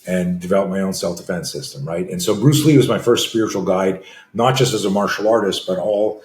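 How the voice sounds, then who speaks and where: A deep, darkish voice moves a little fast as this man in his sixties, a self-defense coach from Canada, tells stories as a conversation guest. He brings scenes to life with screams and gasps, and the recording has a roomy echo.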